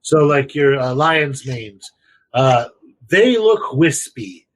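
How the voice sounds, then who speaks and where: A young man co-hosting a podcast in casual chat, rambling and crude, with vivid slang and lively bursts. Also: medium pitch, slow, rough recording. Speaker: podcast co-host.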